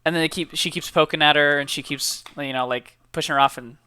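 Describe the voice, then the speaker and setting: A man's voice: a little high, steady tone, fast, bright, forceful tone, clean tone. A young man, a college student, chatting casually and upbeat to camera, with lots of fillers and repeated words. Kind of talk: casual motivational chat to camera.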